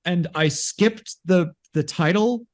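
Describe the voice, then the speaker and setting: A man with a high voice speaks slowly as he co-hosts a podcast. He chats casually and rambles, restarting a lot and animatedly acting out lines from films.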